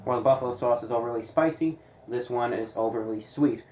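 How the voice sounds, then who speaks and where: A man reviewing pizza in a deliberate, casual way, with dry sarcastic asides. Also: mid-range voice, a little mellow, echoey room, rough recording. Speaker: food reviewer.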